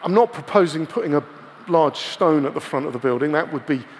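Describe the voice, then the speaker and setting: A man preaching a sermon to his church in a relaxed, conversational way, often putting rhetorical questions to the congregation. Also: fairly high pitch, fairly quick, long reverb tail, a little hiss or hum.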